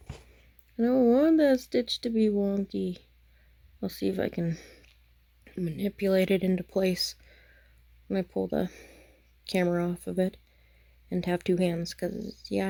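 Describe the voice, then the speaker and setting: A woman's voice: mid-range voice, fairly even intonation, normal speed, creaky, pauses often, dark tone. A tired woman chatting casually to the camera late at night about her stitching, rambling and losing her words. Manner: rambling, self-interrupting, chatty. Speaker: craft vlogger.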